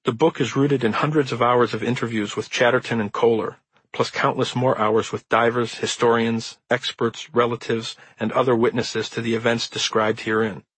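Man, author narrating, husky tone, dry close recording, measured earnest delivery. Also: mid-range voice, flat delivery, a bit bright, dry recording, rough recording. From Midwestern United States. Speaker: author reading his own introduction. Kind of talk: audiobook narration.

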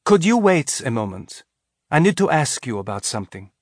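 A man voicing a calm, gentle female chaplain in an audiobook, patient and teacherly. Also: on the high side, normal speed, no echo, clean studio sound, pitched above the performer's own voice.

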